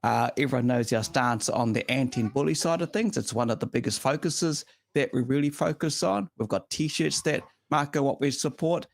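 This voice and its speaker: A man's voice: mid-range voice, normal speed, creaky, few pauses. A man hosting a casual motorsport chat show, speaking in long, emphatic, opinionated runs. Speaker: show host.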